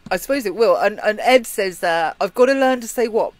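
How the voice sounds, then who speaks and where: A man's voice: high-pitched, lively intonation, a little fast, no echo. A British man co-hosting a live show, chatting casually and reading out viewer comments. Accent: British English. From Britain. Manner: chatty, reads out chat comments. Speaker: co-host of a live chat show. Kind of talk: casual chat.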